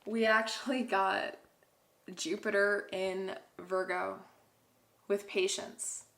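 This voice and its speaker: A woman's voice: medium pitch, level tone, slow pace, vocal fry, fairly bright tone. A young woman giving a pick-a-card tarot reading to viewers, emotional and effusive, often exclaiming over the cards. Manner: gushing, emotional, addresses viewers as guys.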